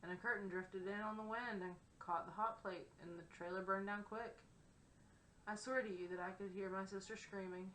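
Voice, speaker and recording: A woman reading the lines of a weary middle-aged father delivering bad news, quietly and flatly. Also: medium pitch, moderate pace, lightly acted. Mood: somber. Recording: roomy echo, faint background hiss.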